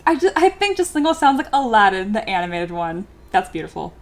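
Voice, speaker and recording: Sculpting on a livestream, this young woman reads out viewer comments, giggling and chatting with plenty of filler words. She speaks a little fast in a medium-pitched, sing-song voice.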